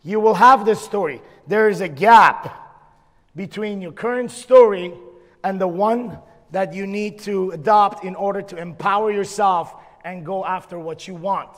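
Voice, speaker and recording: A man's voice: high voice, a little slow. A man leading a motivational seminar from the stage, giving blunt, profane, drill-like commands. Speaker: seminar leader. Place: large event hall. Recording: echoey hall with a live audience.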